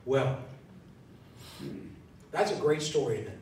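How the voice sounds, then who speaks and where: A man's voice: expressive, takes it slowly, a little mellow. A man preaching a sermon in a church, thinking aloud in a conversational way and asking the congregation questions. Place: church sanctuary. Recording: echoey hall from far off, faint rumble.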